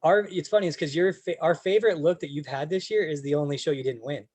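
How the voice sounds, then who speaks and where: A man's voice: a little high, quick pace, a little mellow, no echo. A man hosting a podcast as a coach, talking in an easygoing, supportive way with frequent restarts. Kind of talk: casual chat.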